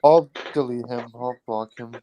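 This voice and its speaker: A man's voice: mid-range voice, moderate pace, lo-fi sound, crowd noise. Matter-of-fact man on a voice call. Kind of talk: casual voice-call chat.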